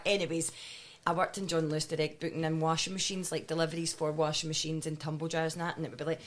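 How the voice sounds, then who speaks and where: A woman's voice: sits low, little pitch movement, fast. A woman, a guest actress, telling comic stories, chatty, swearing casually and acting out voices. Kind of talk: comedic anecdote telling.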